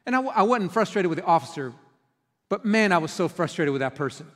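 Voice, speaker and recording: Pastor, middle-aged man, chatty storytelling sermon with lively acted-out lines, higher voice, long church reverb. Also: fast. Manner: conversational storytelling with animated quoted outbursts. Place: church sanctuary.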